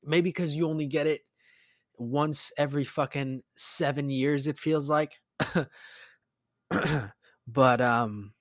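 A man's voice: fairly high pitch, fairly even intonation, slow, pauses often, dry recording, clean studio sound. A man who is a teacher, hosting a podcast in rambling, profane casual chat. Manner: rambling and profane, many fillers. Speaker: podcast host.

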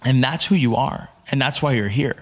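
An animated man from the United States talks as a podcast guest, telling his stories with energy and acting out what other people said. His voice sits at an ordinary middle pitch for a man. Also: normal speed. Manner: animated storyteller, acts out quotes. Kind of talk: casual storytelling interview.

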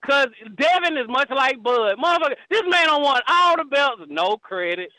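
A man calling in to a boxing show, talking in profane, slangy, animated casual chat. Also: very high voice, moderate pace, no echo, low-quality recording. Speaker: caller.

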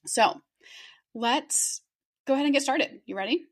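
A young woman co-hosting a podcast reads a true crime case from her script in a high, unhurried voice. She keeps the chat casual and giggles here and there as she presents it.

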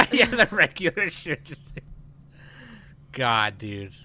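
A man co-hosting a podcast, ranting loudly and profanely, swinging between shouting and muttering. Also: a little high, wildly swooping pitch, very slow, a little hiss or hum. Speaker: podcast co-host. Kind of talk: casual chat.

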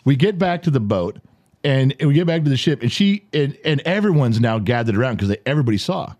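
A man in his forties hosting a podcast in a studio, telling a story in a lively, profane, laughing way. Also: mid-range voice, fairly quick. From United States. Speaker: podcast host. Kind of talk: animated storytelling chat.

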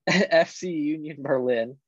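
A man co-hosting a casual sports podcast, running through league standings in a halting way with fillers. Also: a little high, slightly rough, dry recording. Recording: dull lo-fi dry sound.

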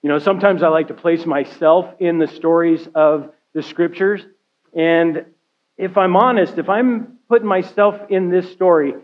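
A man's voice: fairly high pitch, normal speed, highs cut off. A male care pastor giving a conversational sermon, often checking in with his listeners by asking "right?" and "okay?". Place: church sanctuary.

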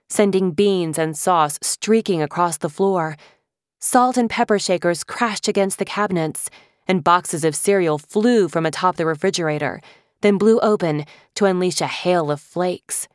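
A woman narrating a children's fantasy novel in a measured, vivid storytelling manner. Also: fairly low pitch, no echo, studio quality. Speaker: audiobook narrator. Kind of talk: scripted narration.

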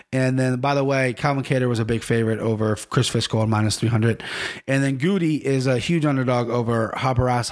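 A man hosting a podcast in casual chat, rambling, correcting himself often and swearing freely. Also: mid-range voice. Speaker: podcast host.

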